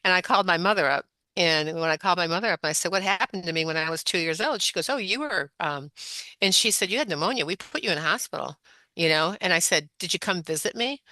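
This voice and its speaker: A woman's voice: lowish voice, fast talker, no echo. A woman guest in an interview, telling long rambling stories full of "you know" asides. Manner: rambling, animated storytelling with many "you know"s. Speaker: guest, functional medicine practitioner. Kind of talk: storytelling interview.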